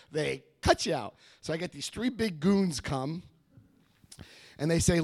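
A man giving a personal testimony at a recovery meeting, telling his story with animated energy and acting out what people said. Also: on the high side, unhurried, pauses often. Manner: animated storytelling, acts out quoted voices. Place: meeting room before a live audience.

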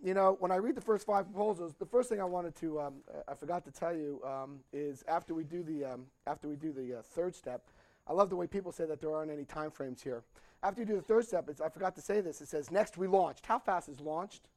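An older man telling a story at a recovery meeting, animated and acting out the dialogue, laughing as he goes. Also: on the high side, fast, no room sound. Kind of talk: storytelling talk.

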